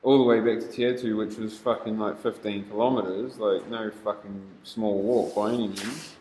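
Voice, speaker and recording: A man's voice: lowish voice, fairly even intonation, normal speed, mellow, a little hiss or hum. A young man casually telling stories, laid-back and swearing constantly. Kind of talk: casual storytelling. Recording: roomy echo.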